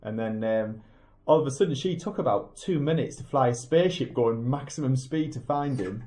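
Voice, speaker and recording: A man's voice: mid-range voice, normal speed, warm tone. A man co-hosting a casual podcast, picking apart a film in an analytical, rambling way with many restarts. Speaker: podcast co-host. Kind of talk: casual film review chat.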